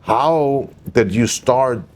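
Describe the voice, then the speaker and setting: A man's voice: mid-range voice, drawn-out words. A man hosting a casual interview, asking long stacked questions and chiming in eagerly. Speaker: interview host.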